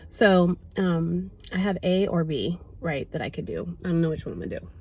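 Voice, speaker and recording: A woman's voice: on the low side, expressive, moderate pace, warm tone, slightly rough, rough recording. A woman vlogging in a casual, rambling way, with lots of fillers. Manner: chatty, rambling, many fillers. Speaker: fitness vlogger. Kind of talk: casual vlog chat. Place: outdoors then at home.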